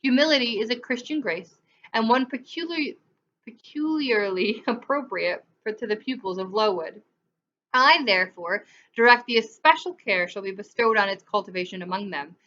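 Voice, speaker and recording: A woman's voice: fairly high pitch, moderate pace, pushed and bright, muffled recording. A woman voicing a stern, pious middle-aged clergyman who lectures severely. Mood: pompous.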